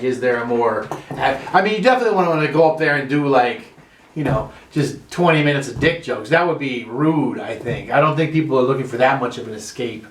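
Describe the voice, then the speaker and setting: A man doing a loose, self-deprecating comedy monologue from his room. His voice sits a little high and he swears freely as he rambles. The room adds a noticeable echo. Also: fairly bright tone. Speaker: stand-up comedian. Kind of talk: casual comedy monologue to camera. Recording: roomy home room echo.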